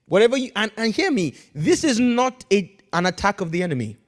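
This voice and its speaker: Emphatic preaching man, fairly high voice. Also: very animated, normal speed, long pauses. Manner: emphatic preaching, swings from quiet to loud; calls on the congregation to respond. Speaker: pastor. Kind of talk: sermon.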